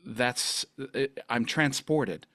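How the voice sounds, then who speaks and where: A man's voice: medium pitch, lively intonation, very slow, fairly bright tone, dry recording, clean studio sound. A man hosting a podcast interview, rambling and effusive in his praise. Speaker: podcast host. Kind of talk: casual interview chat.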